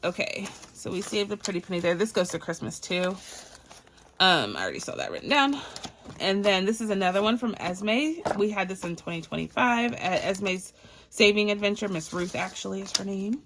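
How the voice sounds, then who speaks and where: A woman's voice: medium pitch, expressive, normal speed, a bit bright, slight background noise. Chatty woman vlogger counting cash. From Barbados. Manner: chatty and playful, addresses viewers as y'all. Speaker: budgeting vlogger. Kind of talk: casual chat while counting cash.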